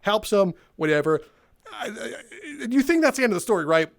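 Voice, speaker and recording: A man hosting a gaming video, telling animated stories from work and laughing as he goes. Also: high-pitched, a little fast. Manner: animated, laughs through his own stories. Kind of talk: casual storytelling while playing a VR game.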